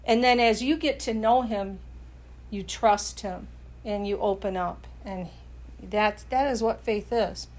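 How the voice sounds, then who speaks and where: A woman's voice: medium pitch, measured pace, darkish tone. A woman preaching in a casual, earnest way, talking conversationally with frequent restarts.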